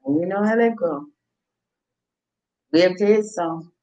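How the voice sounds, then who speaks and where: A woman's voice: fairly low pitch, a little slow, dark tone, muffled recording. A woman vlogging in a meandering, casual monologue, repeating herself as her thoughts wander. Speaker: mukbang vlogger.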